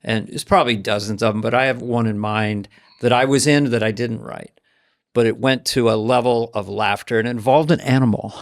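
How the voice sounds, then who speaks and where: A man co-hosting a podcast, telling stories in an animated way and acting out other people's lines. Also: medium pitch, brisk. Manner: animated storyteller, acts out voices. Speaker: podcast co-host. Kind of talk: casual chat, storytelling.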